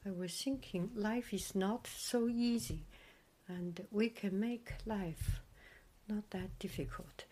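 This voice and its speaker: Slow husky woman demonstrating a mic. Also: medium pitch, dark tone. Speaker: vlogger testing a microphone. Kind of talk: casual demonstration. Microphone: small microphone plugged into a laptop.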